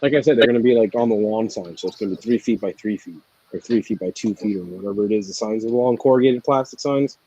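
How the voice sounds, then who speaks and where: A man chatting casually as a guest on a call, quick and trailing off at times. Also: on the low side, warm tone, breathy edge, highs cut off. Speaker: guest caller. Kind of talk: casual chat.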